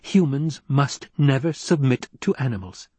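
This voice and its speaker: A man voicing a quiet strained mother, husky tone, dry sound, held-back delivery. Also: fairly low pitch, expressive, fairly quick, no room sound. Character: young woman, a grieving, tense mother. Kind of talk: audiobook character reading.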